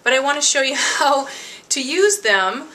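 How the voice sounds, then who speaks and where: A chatty woman dog trainer talks through a casual demonstration with a bright, forceful voice. She is a little high and sits well back from the mic. Her voice rings around an echoey kitchen with faint noise behind. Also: very animated, measured pace. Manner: chatty and upbeat, with frequent asides. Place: home kitchen. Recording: echoey room, distant mic.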